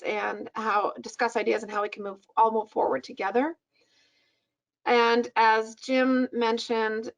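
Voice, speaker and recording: A woman's voice: a little high, highs cut off. A woman presenting a policy report on a webinar over a video call, speaking conversationally with fillers.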